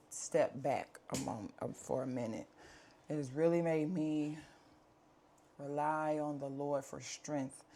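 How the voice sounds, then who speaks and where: A woman's low, dark voice comes through with a little hiss or hum. She's a vlogger at home, candidly updating viewers on her life to camera, chatty and earnest, using plenty of fillers.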